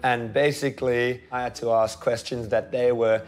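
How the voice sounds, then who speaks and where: A young man with an English accent, quickly and animatedly recounting a prank in an interview to camera. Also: medium pitch, little pitch movement, faint music behind.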